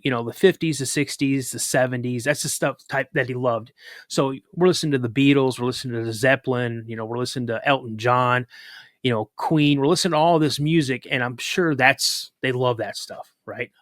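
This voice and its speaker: A man of ordinary pitch tells a rambling story in a casual podcast chat. He slips into the voices of the people he quotes. His voice sounds close and dry. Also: dry recording. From Minnesota. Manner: animated, acts out the voices of his family members in the story. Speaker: podcast guest.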